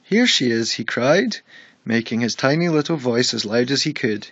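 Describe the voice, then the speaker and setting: A man narrating a bedtime story in a measured, expressive storybook reading. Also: medium pitch, no room sound, lo-fi sound.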